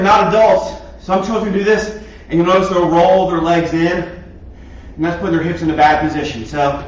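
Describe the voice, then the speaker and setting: A man's voice: high-pitched, fairly bright tone. A man, a martial arts instructor, leads a home PE class for kids, counting down reps and cheering them on while he works out himself. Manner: encouraging, counts reps aloud; exercising along while talking. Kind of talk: coaching a home workout class. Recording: echoey, distant, dull lo-fi room sound.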